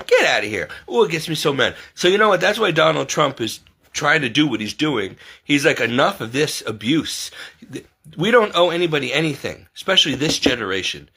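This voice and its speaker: A man with a bright, forceful voice speaks off the cuff in a heated monologue. He presses his points hard and keeps asking rhetorical questions, sometimes slipping into other people's voices to mimic them. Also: fairly high pitch, breathy edge. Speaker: online commentary host. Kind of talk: unscripted monologue to camera.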